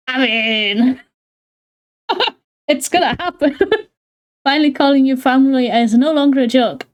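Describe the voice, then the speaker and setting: A woman's voice: sits high, unhurried, long pauses. A woman streamer reading a visual novel aloud to her chat, giggling often and breaking off with chatty asides.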